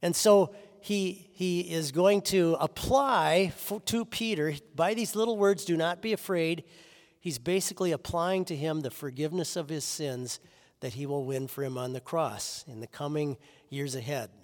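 A man's voice: fairly high pitch, moderate pace. Earnest preacher man in a reverberant hall. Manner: earnest, often restarts phrases, soft drops at line ends. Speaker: pastor. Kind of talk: sermon.

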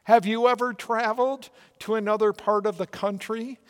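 Minnesotan man, pastor, earnest sermon, fairly high voice, long church reverb. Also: fairly even intonation, moderate pace. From Minnesota, United States. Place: church sanctuary.

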